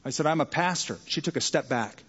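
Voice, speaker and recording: A man's voice: a little high, lively intonation, brisk, a bit bright, slightly rough. Conversational male pastor in a reverberant hall. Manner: conversational, acts out quoted people. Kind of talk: sermon. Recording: dull sound with long church reverb.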